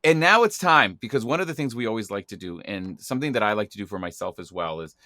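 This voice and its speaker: Bright, playful male podcast host. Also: on the low side, lively intonation, fast, slight background noise. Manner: playful, theatrical announcing. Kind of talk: casual podcast hosting.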